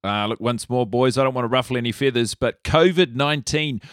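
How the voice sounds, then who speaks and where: A man with a New Zealand accent, a comedian guest in casual podcast chat, talking from home early in the morning with a deadpan, mock-serious delivery. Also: medium pitch, a little fast, clear, resonant tone, no echo, clean studio sound.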